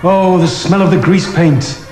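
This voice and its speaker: An actor playing a melodramatic, grandiose theatrical villain who declaims in a booming voice. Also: male voice, measured pace. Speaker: hostage taker. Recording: echoey hall with music behind.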